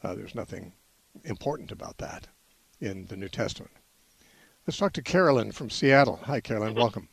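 A man hosting a call-in radio Bible show, explaining in a measured way with frequent "uh" restarts. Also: on the low side, expressive, gravelly, a little hiss or hum. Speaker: radio Bible-answer host.

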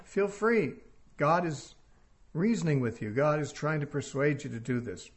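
A man's voice: a little high, lively intonation, moderate pace. A man giving a verse-by-verse Bible teaching, reasoning aloud and putting rhetorical questions to his listeners.

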